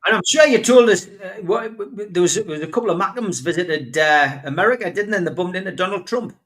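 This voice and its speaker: Guy hosting footy pod, bright sharp voice, reads the news then asks. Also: high-pitched, expressive, brisk. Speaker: podcast host. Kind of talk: casual chat and news reading.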